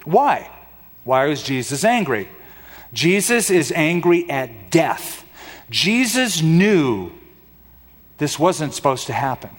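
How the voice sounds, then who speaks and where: A man's voice: a little high, sing-song, slow pace, long pauses. A man preaching a sermon in a dramatic style, asking the congregation rhetorical questions. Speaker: pastor. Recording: long hall reverb.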